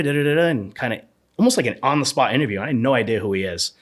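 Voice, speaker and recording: Man, 30s, slightly low voice, casual podcast guest, animated rambling storyteller. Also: fast talker. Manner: animated, rambling anecdotes with frequent fillers.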